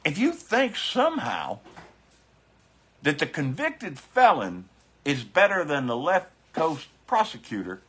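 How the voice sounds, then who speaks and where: A man's voice: on the high side, huge pitch swings, slow pace, fairly bright tone, husky. A man doing a profane live-streamed political rant to his viewers on his phone, fiery and swearing, repeating his catchphrases. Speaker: biker vlogger.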